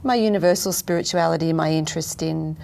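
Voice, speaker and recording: A woman with an Australian accent, an interview guest, speaking softly and hesitantly with many fillers. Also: sits low, fast, creaky.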